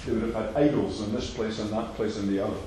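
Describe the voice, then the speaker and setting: A man's voice: lowish voice, fairly even intonation, quick pace, slight background noise. Emphatic male preacher in echoey hall. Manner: emphatic, repeats phrases, swings between loud and soft. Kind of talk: sermon.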